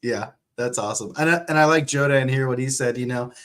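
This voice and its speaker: A man's voice: medium pitch, quick pace, fairly bright tone. An author hosting a casual conversation, a man with a mid-range voice. He keeps the tone upbeat and laughs easily. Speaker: author and host. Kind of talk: casual chat.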